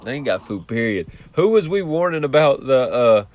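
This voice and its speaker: A man's voice: medium pitch, big pitch swings, normal speed, darkish tone, highs cut off. Laid-back man teasing his friends. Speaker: podcast co-host. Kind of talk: casual chat.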